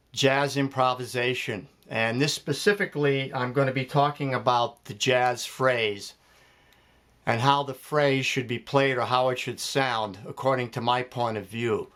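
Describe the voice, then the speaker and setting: A man's voice: mid-range voice, fairly even intonation, unhurried. A man giving a jazz piano lesson, explaining phrasing step by step and counting beats aloud. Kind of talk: spoken music lesson. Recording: loud piano playing behind the voice.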